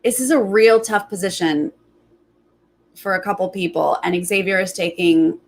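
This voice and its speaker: A woman talking casually as the host of a reality TV recap. She chats loosely and acts out quotes with big jumps in pitch. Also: moderate pace. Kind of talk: casual commentary.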